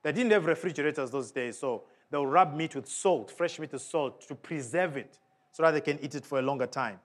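Man, preacher, sermon, emphatic, fairly high voice, rising and falling in volume. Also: fairly quick. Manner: emphatic, with big swings of pitch and volume; asks the congregation questions.

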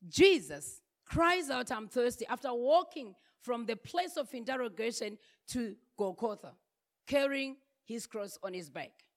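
A woman's voice: on the high side, lively intonation, measured pace. A woman preaching a sermon, building her points through emphatic repeated refrains.

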